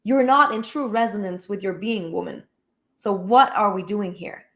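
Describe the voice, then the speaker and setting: A woman voicing a fiery, blunt female waitress who bluntly challenges someone to be honest, forceful and swearing. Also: mid-range voice, moderate pace, natural voice. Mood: fierce, challenging.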